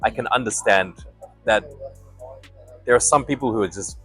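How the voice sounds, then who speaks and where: A man, a company chief, talking in a relaxed, thoughtful way as a guest in an interview. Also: lowish voice, breathy edge, no room sound, soft background music. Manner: thoughtful, reflective, with pauses and restarts. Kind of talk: casual interview chat.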